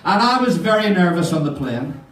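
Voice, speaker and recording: A man's voice: high-pitched, big pitch swings, fairly quick, a little hiss or hum. An older man doing live stand-up, telling cheery one-liner stories to a hotel audience. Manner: cheery storyteller, addresses the audience as ladies and gentlemen. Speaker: stand-up comedian. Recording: echoey hall from far off.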